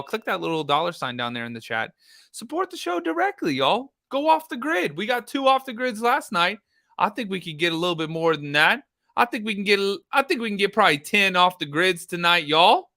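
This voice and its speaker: A man's voice: high-pitched, no echo, studio quality. A man hosting a live true crime reaction stream, talking bluntly to his chat. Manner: loud, blunt, talks to chat.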